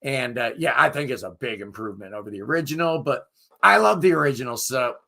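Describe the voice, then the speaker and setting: Hoarse gravelly-voiced man chatting casually. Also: mid-range voice, animated, quick pace, bright, forceful tone. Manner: rambling, enthusiastic, self-deprecating. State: hoarse, losing his voice. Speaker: music review channel host. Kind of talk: casual live chat with viewers.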